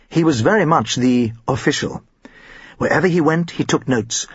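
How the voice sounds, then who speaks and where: A man narrating an audiobook in an expressive storytelling manner with a husky voice. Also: fairly high pitch, no echo, lo-fi sound.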